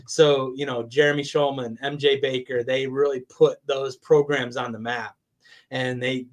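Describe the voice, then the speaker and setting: A man guesting on a sports podcast, talking in an enthusiastic, conversational way and laughing often. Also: mid-range voice. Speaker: guest, college athletics communications director. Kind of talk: casual interview chat.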